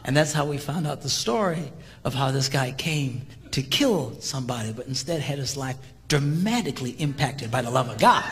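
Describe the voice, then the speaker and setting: A man giving a humorous sermon-style seminar talk, telling stories animatedly and jumping into high voices for quotes. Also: animated, normal speed, noisy background. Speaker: marriage seminar speaker. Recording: live hall with long reverb, faint ambience.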